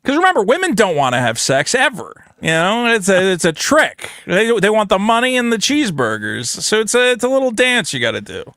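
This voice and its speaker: A man's voice: high-pitched, brisk, few pauses, dry recording, studio quality. A man co-hosting a podcast in casual comedic chat, reading out messages and mocking them in silly put-on voices. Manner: animated, mocking voices when quoting texts. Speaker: podcast co-host.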